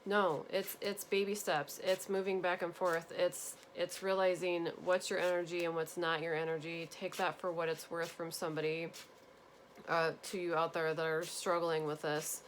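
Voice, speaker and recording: A woman giving a gentle, earnest spiritual tarot reading to her viewers, repeating reassuring phrases. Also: lowish voice, little pitch movement, normal speed, slight background noise. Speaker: tarot reader.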